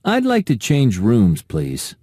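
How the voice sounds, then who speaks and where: An indignant hotel guest, voiced by a man, presses his complaints with a lively, swinging pitch. His tone is mellow, and the dry studio recording keeps him close and plain. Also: slow pace, husky, dry recording, full character voice. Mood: complaining. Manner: indignant, insistent. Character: fussy male hotel guest, adult, complaining. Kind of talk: textbook dialogue recording.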